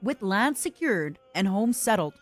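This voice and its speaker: Lively young woman streaming a game. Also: mid-range voice, measured pace, faint music behind. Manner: eats and talks with mouth full, reads game text aloud; lively, playful asides. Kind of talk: casual gameplay commentary.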